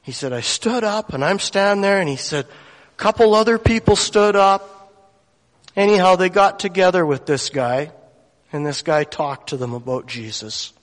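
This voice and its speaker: A man's voice: high voice, normal speed. A man telling a faith story to a gathering, acting out the voices of the people in it. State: tearful at moments. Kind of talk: storytelling sermon. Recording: long hall reverb.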